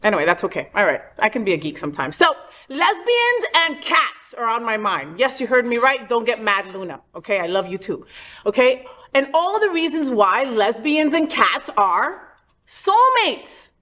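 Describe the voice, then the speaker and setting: A woman hosting a talk show, talking in a casual, animated and playful way with lots of emphasis. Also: a little high, normal speed. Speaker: host.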